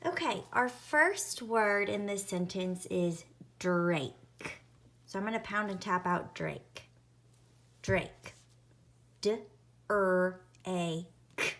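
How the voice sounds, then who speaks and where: Slow careful lady teacher spelling words out for little kids, sounds every letter. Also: mid-range voice, animated, a bit bright. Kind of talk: phonics lesson for young children.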